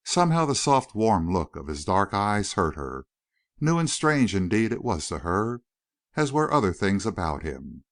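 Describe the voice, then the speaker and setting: Man reading a western audiobook, low voice, very animated, dry close sound. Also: normal speed, dry recording. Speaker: audiobook narrator. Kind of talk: scripted narration.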